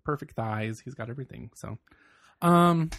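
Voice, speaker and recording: A man from Virginia co-hosting a podcast, giggly and gossipy, slipping into high mocking voices. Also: normal speed, vocal fry, a bit bright. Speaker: podcast co-host. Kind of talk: casual podcast chat.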